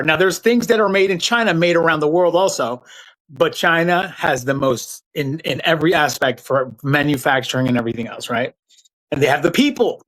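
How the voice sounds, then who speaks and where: A man's voice: a little high, fairly bright tone, poor audio. Male live-stream commentator, mocking and crude. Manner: profane, sarcastic, mocking.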